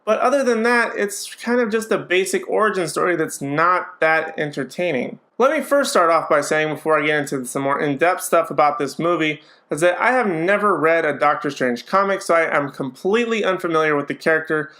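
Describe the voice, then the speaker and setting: Man, movie reviewer, higher-pitched voice, casual and chatty, opinionated, lots of ums. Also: expressive, fairly quick, few pauses, pushed and bright.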